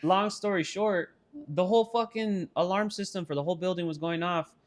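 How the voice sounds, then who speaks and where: Profane, animated young man telling a story. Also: sits high, fairly quick. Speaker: podcast co-host. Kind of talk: casual chat, storytelling.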